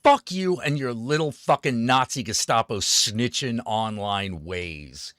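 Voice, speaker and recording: A man's voice: medium pitch, animated, unhurried, hardly any pauses, a bit bright, dry recording, studio quality. A man hosting his own stream, ranting in a sarcastic, profane way about politics. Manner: swearing, sarcastic, fired-up. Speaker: streamer host.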